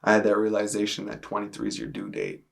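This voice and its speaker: A man in his twenties giving a personal testimony to camera, in a casual, halting way with many fillers. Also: lowish voice, big pitch swings, creaky. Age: 20s. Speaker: testimony speaker. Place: indoors, speaking to a camera.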